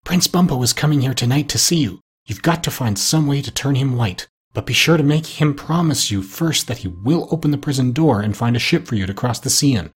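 Storybook parrot hen, clever and bossy, man doing it; higher, breathy, hushed and impatient. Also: lively intonation, brisk. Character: shrewd bossy female parrot. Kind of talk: audiobook character voice.

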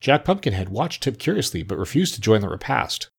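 Low husky guy reading a kids story, lots of pitch movement. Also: very animated, a little fast. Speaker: narrator. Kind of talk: storybook narration.

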